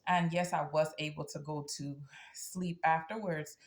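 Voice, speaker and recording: Woman host, low and gravelly, blunt casual delivery to camera, checks in with "okay?" constantly. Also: steady tone, measured pace. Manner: tags nearly every sentence with "okay?"; earnest and blunt, telling a personal story. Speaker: spiritual practitioner and channel host.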